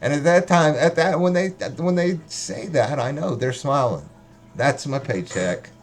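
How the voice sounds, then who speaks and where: A man's voice: a little high, a little slow. A man rambling casually and profanely on a livestream, joking as he talks. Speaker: livestream host.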